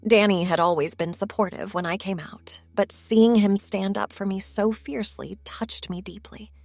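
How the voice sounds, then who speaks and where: A woman telling a first-person story in a soft, intimate narrating manner. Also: mid-range voice, gravelly, no room sound.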